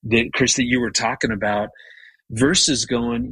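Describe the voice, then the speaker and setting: A man in his fifties speaks earnestly as an interview guest, his voice slightly husky. He stumbles and restarts his sentences as he tells a personal story. His pitch sits in a middle range, and the recording is dry, with no room sound. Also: fairly even intonation, a little slow, a bit bright, dry recording, low-quality recording. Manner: earnest, frequent stammered restarts. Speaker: guest, marriage author. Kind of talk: conversational storytelling.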